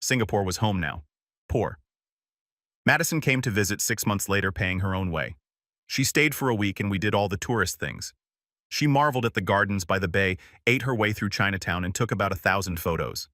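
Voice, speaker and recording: Low-voiced calm male storyteller. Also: brisk, no echo, studio quality. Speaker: story narrator. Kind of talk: scripted first-person story narration.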